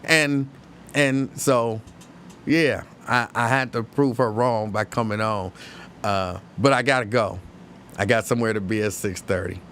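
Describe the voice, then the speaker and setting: A man from hosting a live-stream show, chatting casually and reading viewer comments, opinionated and halting, with many restarts. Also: lowish voice, steady tone, fairly bright tone, slight background noise. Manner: conversational, opinionated, halting with frequent restarts and fillers.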